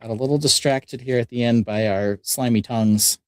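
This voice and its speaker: A man's voice: mid-range voice, fairly even intonation, a little fast, a little mellow, no room sound. A man hosting a casual live stream, explaining each step as he builds. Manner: easygoing, explains steps as he builds. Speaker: host.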